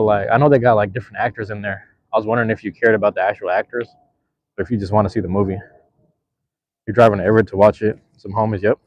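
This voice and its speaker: A young man hosting a livestream chats loosely with his viewers, laid-back, slangy, and rambling. His voice sits low, and the audio is dry and close, though a little dull and lo-fi.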